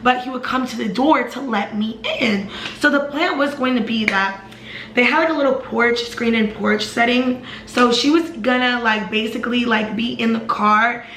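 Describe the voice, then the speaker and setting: A young woman telling a personal story to camera in a fast, animated, casual way, full of fillers. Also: on the high side, echoey room, slight background noise.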